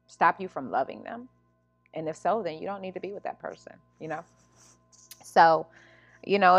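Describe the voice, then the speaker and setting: A woman with a slightly low voice talks earnestly on her self-help podcast, circling back with "you know" and restarting her sentences. The dry, slightly dull recording sits close, with faint music underneath. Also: no echo. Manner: earnest, repeats "you know what I'm saying", many restarts. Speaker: podcast host and life coach. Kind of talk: casual spiritual self-help monologue.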